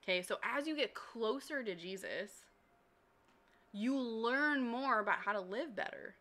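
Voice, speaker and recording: A woman's voice: a little high, expressive, measured pace, pushed and bright. A woman hosting a devotional livestream, talking while walking, emotional and gushing as she reads chat aloud. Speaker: Christian community host.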